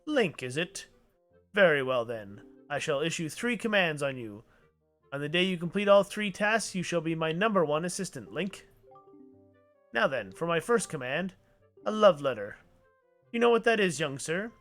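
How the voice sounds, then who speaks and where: A man's voice: fairly high pitch, expressive, moderate pace, a bit bright, soft background music, pitched above the performer's own voice. A man doing a grand, fussy old inventor. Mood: grandiose. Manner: formal, flowery old-fashioned speech.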